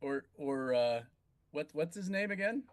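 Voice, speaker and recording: A man's voice: on the high side, animated. A man narrating and running a tabletop game as game master. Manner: descriptive, slow, some restarts.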